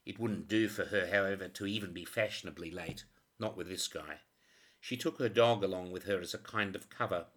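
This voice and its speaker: A man narrating a crime novel audiobook in a steady, even reading voice. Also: low voice, a little fast.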